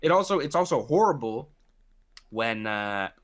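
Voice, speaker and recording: Man, podcast co-host, casual chat, rambling, swears a lot, lively pitch. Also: unhurried.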